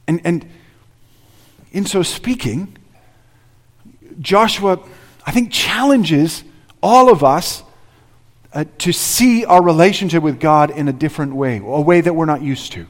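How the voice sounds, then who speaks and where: A man preaching a sermon as pastor, earnest and driving his points home with repeated rhetorical questions. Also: fairly high pitch. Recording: reverberant hall.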